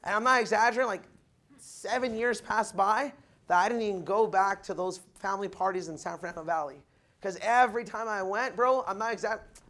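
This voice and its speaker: A man giving a loud, punchy motivational speech to new recruits, asking the crowd if they follow him, with the audience answering back. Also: high voice, a little fast. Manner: acts out quoted people in changed voices. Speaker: motivational speaker at recruit orientation. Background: audience responding.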